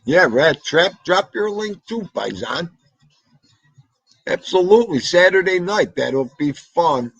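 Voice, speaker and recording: New York male host, husky, slow easygoing delivery, lively pitch swings, dry close mic, reading chat names. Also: no echo, dull audio. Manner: chatty, shouts out viewers by name, jokey. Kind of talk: casual livestream chat.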